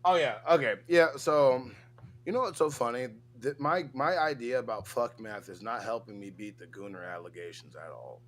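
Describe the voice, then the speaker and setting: A man co-hosting a casual livestream chat, loud and profane, with exaggerated reactions while reading news items aloud. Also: medium pitch, normal speed. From United States. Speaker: co-host.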